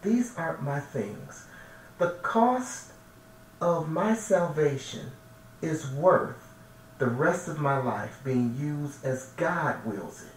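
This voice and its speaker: A man's voice: fairly high pitch, lively intonation, slow. A man, a minister, giving a heartfelt personal testimony, earnest and emotional, often repeating himself as he searches for words. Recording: echoey room, distant mic, faint noise.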